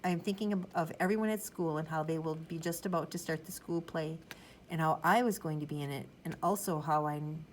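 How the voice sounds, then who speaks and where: A woman narrating a children's chapter book in the first person, rambling in a chatty, childlike way. Her voice sits on the low side. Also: fairly quick, a little hiss or hum, poor audio. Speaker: audiobook narrator.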